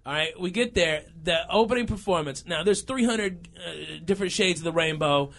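A man in his thirties telling a funny story in a casual chat, animated and laughing through his lines, often saying okay and all right. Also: high voice, moderate pace, gravelly.

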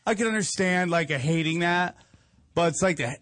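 A man with a fairly high voice trades blunt, joking, profane banter as a podcast co-host. His voice is dry and close. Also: moderate pace, a bit bright, no room sound. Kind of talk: casual chat.

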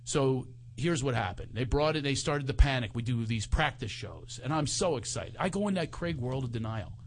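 A man, a comedian guest, telling comic stories in conversation with an animated, self-mocking manner and frequent laughter. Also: mid-range voice, moderate pace, a little hiss or hum.

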